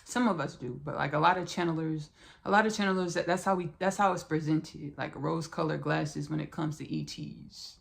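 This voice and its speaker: A woman hosts a spiritual podcast in a low voice with a gravelly, creaky edge. She circles back over her phrases and keeps calling her listeners "y'all" and "baby.". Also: fairly even intonation, brisk. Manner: repetitive, talks straight to listeners as "y'all" and "baby". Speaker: podcast host.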